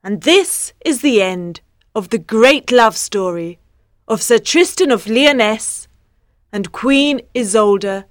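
A woman narrating a storybook in a slow, clear, evenly paced reading. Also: on the high side, no echo, clean studio sound. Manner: slow, clear, even pacing.

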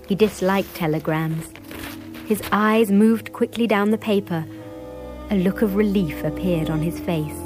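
A woman narrating a scripted story in a measured, clear storytelling manner. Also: medium pitch, over music, low-quality recording.

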